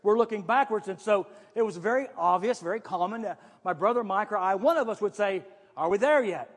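A man's voice: high-pitched, a little fast, in a large hall. A man preaching a sermon in a conversational way, often repeating himself and restarting phrases. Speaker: pastor.

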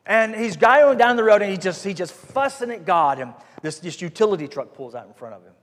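A pastor delivers a sermon in a high-pitched voice. He is folksy and emphatic and repeats his phrases for emphasis. Long reverb from the church hall trails after each phrase. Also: animated, brisk.

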